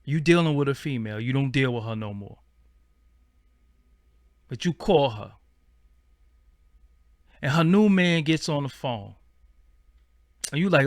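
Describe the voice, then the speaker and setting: A man's voice: mid-range voice, lively intonation, a little slow, pauses often, no room sound, studio quality. A man, hosting a casual livestream and chatting in a slangy, rambling way. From Brooklyn, New York. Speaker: channel host.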